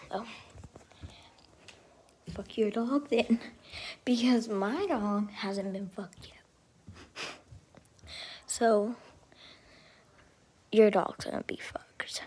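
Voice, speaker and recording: A woman talking to camera in a rambling, profane vlog rant, swinging between loud outbursts and half-whispered asides. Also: fairly high pitch, slightly rough. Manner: profane and ranting. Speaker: vlogger.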